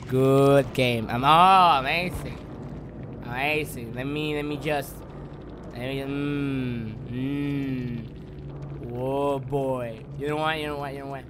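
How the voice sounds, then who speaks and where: A man streaming a horror game live, excitable and swearing, swinging between loud outbursts and low muttering, a native Spanish speaker. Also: takes it slowly, background noise. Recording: music playing loudly behind.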